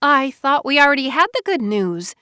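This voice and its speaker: A woman reading the lines of a caring, emotional mother in an audiobook, speaking softly with a lifted voice. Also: sits high, very animated, moderate pace, no room sound, studio quality, voice pushed up, full character voice. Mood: tender.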